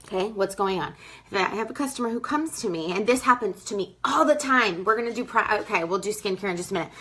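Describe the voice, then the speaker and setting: A young woman talks in a chatty, emphatic way, calling her listeners "girl" as she coaches them on sales. Her voice is bright and forward. She slips into her customers' voices to act out how they talk. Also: mid-range voice, animated, fast, a little hiss or hum, poor audio. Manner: acts out customers in quoted voices. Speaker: direct sales team leader. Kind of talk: casual training talk.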